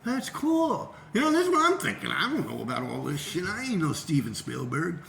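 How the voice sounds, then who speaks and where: Animated, gravelly New storyteller. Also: male voice, a little high, fairly quick, echoey room, slight background noise. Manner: profane, animated, acts out quoted voices. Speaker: graffiti writer and show host. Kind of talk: casual storytelling.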